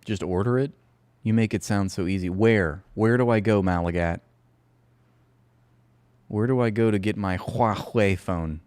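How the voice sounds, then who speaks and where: Male streamer, low-ish and dry, sarcastic and foul-mouthed live commentary. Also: a little slow, long pauses, darkish tone, dry recording. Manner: sarcastic, profane, rambling.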